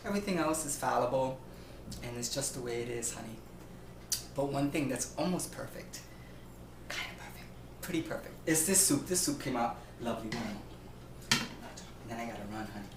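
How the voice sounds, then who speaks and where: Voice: mid-range voice, lively intonation, normal speed, long pauses. Flamboyant cooking show host, from Puerto Rico, campy, casual chat, echoey kitchen, distant camera mic. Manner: flamboyant and campy, calls viewers darling and honey. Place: home kitchen. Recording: echoey room from far off with faint noise.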